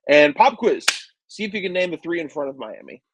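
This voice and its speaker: A man's voice: on the high side, big pitch swings, fairly quick, no room sound, low-quality recording. A man co-hosting a sports podcast, chattily walking through statistics and quizzing the others. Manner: chatty, presents stats with quizzing asides. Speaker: podcast co-host, stats segment. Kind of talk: casual sports podcast chat.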